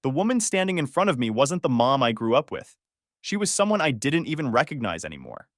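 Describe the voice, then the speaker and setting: An expressive male narrator recounting a family drama in the first person, his pitch swinging widely as he tells it. The recording is dry and close, with no room around the voice. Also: fairly quick, no room sound. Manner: emotional, with angry outbursts in quoted lines.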